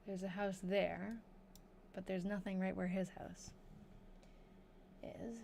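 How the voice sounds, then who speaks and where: A woman hosting a live research stream, quietly thinking aloud to herself as she searches a map. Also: medium pitch, level tone, a little slow, vocal fry, slight background noise. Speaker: livestream host researching an old diary.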